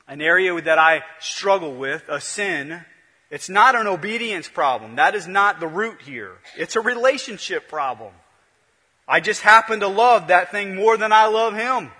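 Male pastor, sermon delivery, bright and husky, rising and dropping volume, long church reverb. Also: sits high. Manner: swings from loud to hushed, repetitive preaching cadence.

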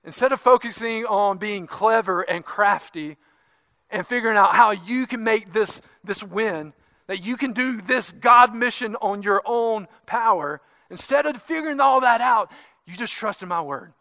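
High-voiced pastor preaching with fervor. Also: male voice, a little slow, no room sound. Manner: emphatic, swinging from loud bursts to hushed asides. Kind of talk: sermon.

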